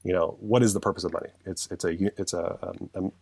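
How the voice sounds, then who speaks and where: Deep-voiced man talking passionately, dry sound. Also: steady tone, fast talker, darkish tone, slightly rough, dry recording. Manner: earnest, passionate, rambling with restarts. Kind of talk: casual conversational chat.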